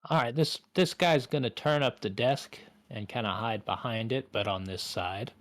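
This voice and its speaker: Male game master, mid-pitched, dry close sound, casual and salty delivery. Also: moderate pace, fairly bright tone, dry recording. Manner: casual, profane narration. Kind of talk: narrating a tabletop game.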